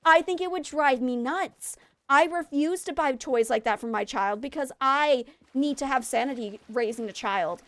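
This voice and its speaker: A woman streamer chatting casually with her viewers while she plays a game. She is a mother and a former teacher, and she talks in an animated, rambling way with lots of fillers. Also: sits high, normal speed, no echo.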